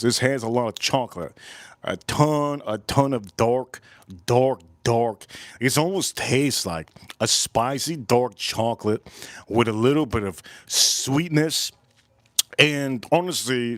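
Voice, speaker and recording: A man hosting a casual whiskey tasting livestream, rambling and profane, repeating himself with loud bursts. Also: mid-range voice, dry recording. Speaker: whiskey reviewer and livestream host.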